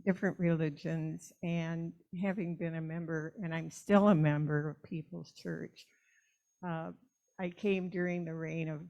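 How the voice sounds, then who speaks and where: A woman's voice: low-pitched, fairly even intonation, measured pace, lo-fi sound. A woman in her eighties from the United States, giving a rambling, chatty testimony in a church. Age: 80s. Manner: rambling, chatty, self-amused. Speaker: church member. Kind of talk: personal testimony at a church service. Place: church sanctuary.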